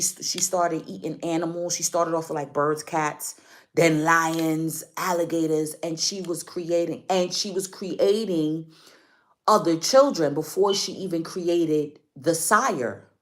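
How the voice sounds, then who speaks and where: Emphatic woman, card reader, talks straight to viewers, repeats herself, slightly low voice. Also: slow pace. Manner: emphatic, repeats points, addresses viewers directly. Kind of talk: casual spiritual reading to camera.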